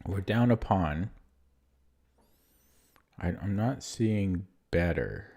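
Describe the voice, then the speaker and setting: A man streaming chess, thinking aloud in a low-key, muttering way as he works through puzzles and questions his own moves. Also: animated, extremely slow, vocal fry, darkish tone. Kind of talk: casual thinking aloud while solving puzzles.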